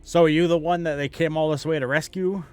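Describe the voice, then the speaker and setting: A man's voice: fairly high pitch, fairly even intonation, brisk, clean tone, soft background music, voice pushed up, close to an everyday voice. Man putting on a Boston orc barkeep. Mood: gruff. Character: big burly male orc barkeeper, friendly and gruff.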